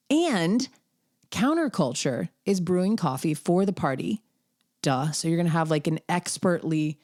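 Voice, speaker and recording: Woman host, deep voice, excitable chatty promo read, dry close mic. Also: no room sound. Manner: bubbly, excitable, rambling. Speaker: podcast host. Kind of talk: casual podcast promo.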